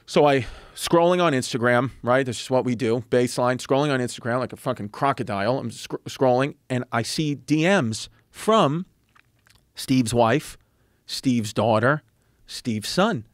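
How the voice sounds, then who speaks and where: A man in his thirties, a comedian and podcast guest, telling a story in casual chat, animated and profane, acting out other people's lines as he goes. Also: medium pitch, a little slow, no echo, studio quality. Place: podcast studio.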